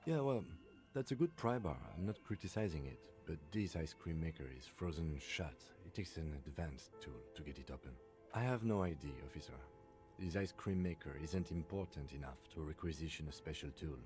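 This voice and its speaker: An actor playing a calm, matter-of-fact police lieutenant in a game, speaking in a measured, even way. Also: male voice, a bass voice, music in the background. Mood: patient. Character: calm, dry male police lieutenant partner.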